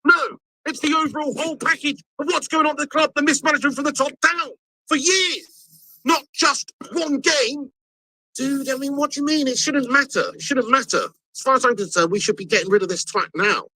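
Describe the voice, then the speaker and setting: A man's voice: very high voice, quick pace, pushed and bright, dry recording, poor audio. A man ranting and swearing as he streams a football match live. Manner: angry, swearing rant. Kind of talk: live watch-along rant.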